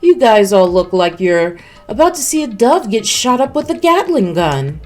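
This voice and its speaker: A woman's voice: mid-range voice, very animated, moderate pace, a little mellow, faint music behind, voice pushed up, close to an everyday voice. A woman voicing a gleeful, sadistic male bear mascot from a video game, in a mocking, sing-song taunting manner.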